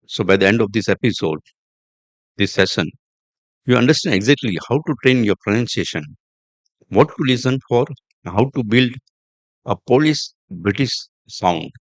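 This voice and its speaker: A man hosts a podcast lesson on pronunciation, his voice sitting on the low side. He talks deliberately and repeats himself, with fillers and restarts along the way. The sound is dry and close, with no room around it. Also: lively intonation, no echo. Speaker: podcast host and English teacher. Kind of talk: instructional podcast monologue.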